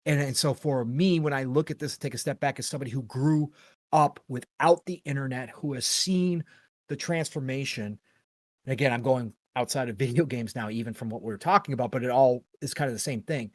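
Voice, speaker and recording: A man's voice: medium pitch, fairly quick, no room sound. A middle-aged man hosting a gaming podcast, talking in an earnest, rambling, opinionated way with casual swearing. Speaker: podcast host.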